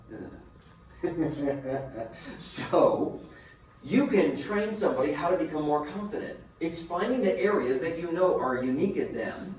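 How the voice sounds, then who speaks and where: A man giving a motivational seminar as a business coach, a lively storyteller who asks his listeners rhetorical questions. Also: a little high. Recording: very echoey room, mic far off, faint noise.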